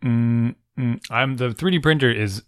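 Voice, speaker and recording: A man co-hosting a casual podcast, telling stories in a joking, animated way. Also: medium pitch, unhurried, dry recording, clean studio sound. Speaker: podcast co-host. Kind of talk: casual chat.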